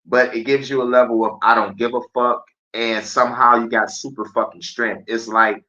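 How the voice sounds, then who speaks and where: A man's voice: mid-range voice, fairly even intonation, moderate pace, bright, forceful tone. A man hosting a live stream, rambling in a casual, profane monologue and laughing often. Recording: dull lo-fi stream audio.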